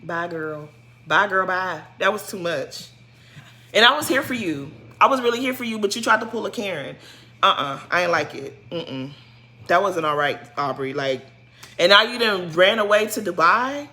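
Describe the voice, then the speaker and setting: A woman giving a casual, sassy recap of a reality show, scolding a cast member in animated slang. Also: on the low side, moderate pace. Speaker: show commentator.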